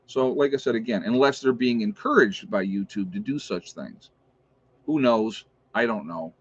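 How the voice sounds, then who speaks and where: A man hosting a casual livestream, chatting and reading out viewer shout-outs with opinionated asides. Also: lowish voice, normal speed, slightly rough, no room sound. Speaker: livestream host. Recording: dull lo-fi stream audio.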